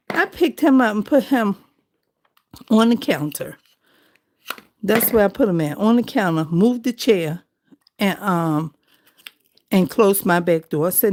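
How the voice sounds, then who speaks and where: A woman's voice: mid-range voice, a little mellow. A woman, chatting casually to her viewers as a craft vlogger and telling a story.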